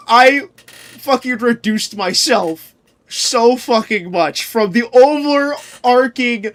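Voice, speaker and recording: A man's voice: sits high, a bit bright. A young man streaming, chatting casually with his viewers, answering chat and ranting with frequent laughter and swearing.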